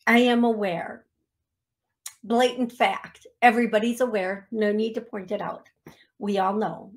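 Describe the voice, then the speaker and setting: A woman's voice: mid-range voice, fairly even intonation, a little slow. A woman hosting a psychic medium radio show, chatty and self-deprecating, often laughing at herself. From United States. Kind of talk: casual radio show talk.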